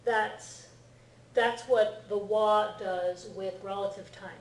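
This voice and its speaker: Patient teacher explaining in an echoey classroom. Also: female voice, mid-range voice, fairly even intonation, slow pace, recorded from a distance. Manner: patient, explanatory, checks understanding often. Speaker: Japanese language teacher. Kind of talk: classroom lecture. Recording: echoey classroom recorded from afar.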